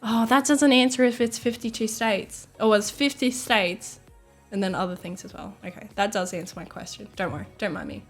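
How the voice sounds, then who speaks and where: An Australian woman streamer chatting casually, rambling and excitable, swearing and laughing often. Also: medium pitch, moderate pace, soft background music.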